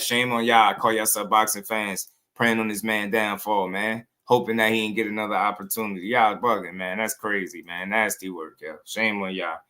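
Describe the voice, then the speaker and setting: A man's voice: fairly low pitch, sharp tone. A man hosting a boxing channel, talking in loose, slangy commentary and often breaking into laughter.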